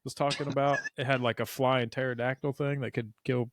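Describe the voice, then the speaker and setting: A man's voice: mid-range voice, flat delivery, a little fast, no echo, studio quality. A man co-hosting a podcast, chatting in a laid-back, casual way. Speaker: podcast co-host. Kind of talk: casual chat.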